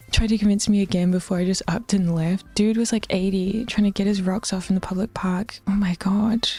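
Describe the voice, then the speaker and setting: A woman streaming herself while she works out, chatting loosely with viewers in a mellow, warm voice. She drifts into half-whispers, laughs easily and swears without a second thought. Faint music plays behind her. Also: mid-range voice, steady tone, brisk, creaky, husky. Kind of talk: casual livestream chat while working out.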